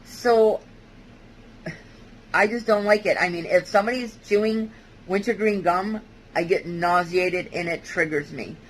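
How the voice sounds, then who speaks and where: A woman vlogger giving a halting, hesitant personal testimony, with many fillers and restarts. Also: fairly low pitch, slight background noise, rough recording.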